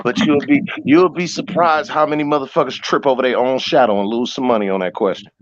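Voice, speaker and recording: A man's voice: mid-range voice, fast talker. Rhyming streetwise man, mid voice. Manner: rhyming, profane, streetwise banter. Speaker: panelist. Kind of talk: casual banter with friends. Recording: dull lo-fi recording.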